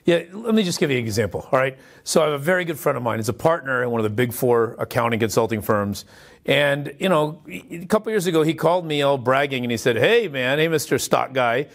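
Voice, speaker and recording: A man being interviewed as an investment officer, telling stories in an animated, emphatic way. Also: mid-range voice, fast talker. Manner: animated, story-driven, emphatic. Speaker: co-founder and investment officer, guest. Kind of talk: anecdotal storytelling in an interview.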